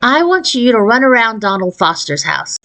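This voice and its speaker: A woman's voice: fairly high pitch, big pitch swings, moderate pace, fairly bright tone. A woman voicing a sporty, cool-headed fifth-grade girl who likes to tease, in a storybook read aloud. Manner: cool and teasing.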